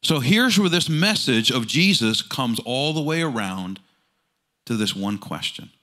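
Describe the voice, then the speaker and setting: Male pastor, sermon, animated storytelling, rhetorical questions, lively pitch, bright ringing voice. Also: a little slow.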